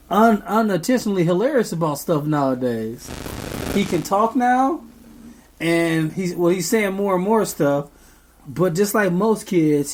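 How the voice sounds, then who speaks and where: A young man, a podcast co-host, telling a meandering story in casual chat, full of ums. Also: on the high side.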